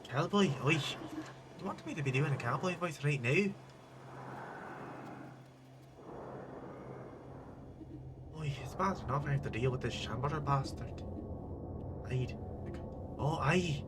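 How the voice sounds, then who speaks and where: A man voicing a gruff, jumpy Irish investigator who swears at every scare. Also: a little high, animated, moderate pace, noisy background, voice pushed up, lightly acted. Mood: grumbling. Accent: put-on Irish. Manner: swears a lot, with exclamations.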